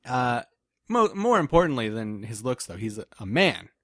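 A man's voice: medium pitch, sing-song, moderate pace, fairly bright tone, dry recording, studio quality. A man co-hosting a casual, joking chat, spinning rambling hypotheticals and laughing often.

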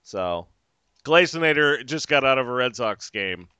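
Profane ranting man, bright crisp voice. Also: mid-range voice, animated, measured pace, dry recording, muffled recording. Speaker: podcast host. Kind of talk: casual ranting chat.

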